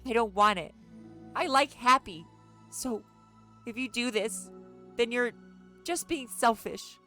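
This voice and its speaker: A streamer reading out the lines of an upbeat teenage girl who is anxious beneath her cheer, in a bright, rising, pleading voice. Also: mid-range voice, slow, faint music behind, pitched above the performer's own voice. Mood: upset. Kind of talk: reading visual novel dialogue aloud.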